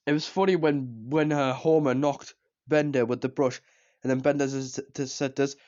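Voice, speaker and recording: A man rambles through a casual review of a show he loves, circling back to the same points and letting sentences trail off. His voice sits at an ordinary middle pitch. The recording is slightly dull and lo-fi. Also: little pitch movement, moderate pace, a little mellow. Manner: rambling, repeats himself, trails off with "which, yeah".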